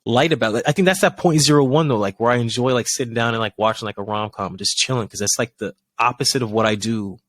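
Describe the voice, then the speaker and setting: A man's voice: mid-range voice, fast talker, hardly any pauses, a bit bright, dry recording. A man in his thirties tells a long story on a podcast, circling back on himself and packing every sentence with fillers. He is recorded close and dry, with no room sound around him. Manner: rambling, filler-heavy storytelling. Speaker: podcast co-host. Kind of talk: casual chat.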